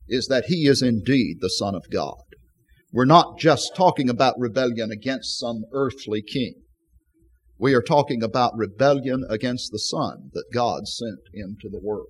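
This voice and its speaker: A man's voice: mid-range voice, normal speed, breathy edge. A male preacher delivering a sermon, reading scripture verses aloud with emphasis and explaining them.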